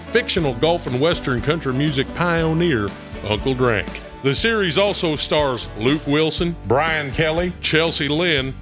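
Brief: a man voicing a twangy, folksy country star, lively and highish, music underneath. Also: lightly acted. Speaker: podcast ad voice. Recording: music playing behind.

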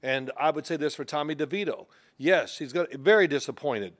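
Brief: older male sports co-host, slightly high voice, storytelling, mock-defensive. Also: a little fast. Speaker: co-host, former player. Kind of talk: casual sports chat.

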